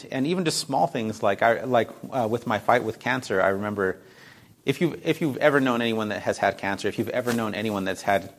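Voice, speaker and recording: A man's voice: fairly low pitch, poor audio. A man telling a personal faith testimony in an earnest, rambling way, full of fillers and restarts.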